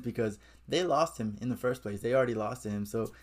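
A man's voice: fairly low pitch, fairly even intonation, fairly quick, a little mellow. A man chatting casually as he recaps and critiques a comic book, with his opinions mixed in.

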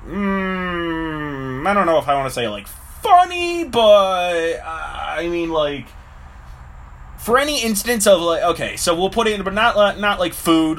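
A man's voice: a little high, fairly bright tone. A man talking casually to camera in a rambling way, full of fillers, acting out little voices as he goes. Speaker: vlogger.

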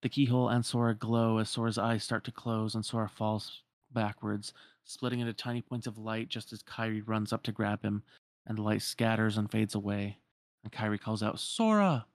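A man's voice: fairly low pitch, monotone, moderate pace, no echo, clean studio sound. A man narrating a video game story in plain, casual storytelling with a few fillers.

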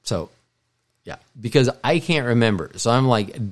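A man's voice: medium pitch, moderate pace, smooth. Rambling middle-aged male podcast host. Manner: meandering, frequent restarts and self-corrections. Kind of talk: casual rambling monologue.

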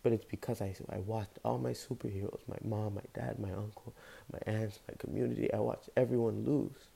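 Young man, motivational monologue, gravelly, mellow dark tone, impassioned and rambling. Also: lowish voice, steady tone, a little fast. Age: young adult. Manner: impassioned, rambling, casual slang. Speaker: podcast host.

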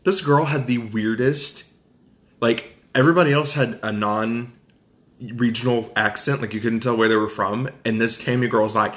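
A man with a Southern US accent recapping a film in casual podcast chat, animated and jokey. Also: medium pitch, moderate pace. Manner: animated, jokey, acts out quotes. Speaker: podcast co-host.

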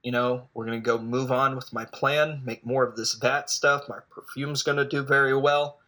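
A man's voice: medium pitch, steady tone, normal speed, bright, forceful tone. A man voicing a smug evil male factory owner while retelling a film, gloating in an offhand way.

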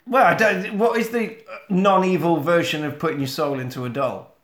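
A man's voice: fairly high pitch, normal speed, fairly bright tone. A man casually recapping a horror film on a podcast, swearing a lot and acting out the scenes. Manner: sweary, acts out scenes in silly voices. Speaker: podcast host. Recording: echoey room.

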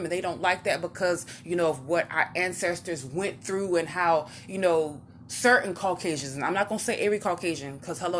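A woman's voice: lowish voice, a little hiss or hum. A woman vlogger telling personal stories in a casual, rambling way, losing her track, restarting, and acting out what other people said. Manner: animated, acts out what others said. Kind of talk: casual personal storytelling to camera.

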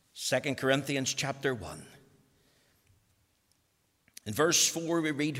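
Animated Northern Irish preacher, echoey hall. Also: male voice, mid-range voice. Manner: animated, swinging between loud emphasis and near-whispers. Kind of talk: sermon. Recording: echoey hall with long reverb.

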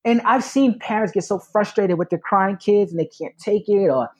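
A man's voice: high-pitched, moderate pace, breathy edge, poor audio. A man who is a new parent, talking earnestly and reflectively in a casual conversation, repeating phrases for emphasis.

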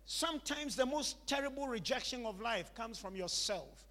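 A man's voice: very high voice, lively intonation, moderate pace, pushed and bright, in a large hall. A man preaching a sermon, emphatic and repetitive, calling on the congregation to repeat after him.

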